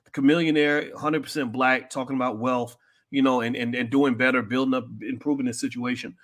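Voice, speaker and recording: A man hosting a commentary show, talking bluntly and directly to his audience, with many restarts and loud, high-pitched outbursts when worked up. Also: level tone, brisk. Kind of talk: opinionated commentary to an online audience.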